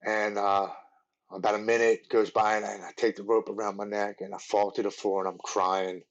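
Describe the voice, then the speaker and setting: A man telling his personal recovery story as a podcast guest, earnest and halting, often repeating words. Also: lowish voice, flat delivery, dull audio.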